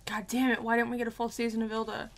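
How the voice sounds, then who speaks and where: A woman's voice: on the high side, little pitch movement, quick pace, a little hiss or hum. A young woman commenting casually on a show she is watching, emotional and exclaiming, often talking to herself. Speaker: reaction video host.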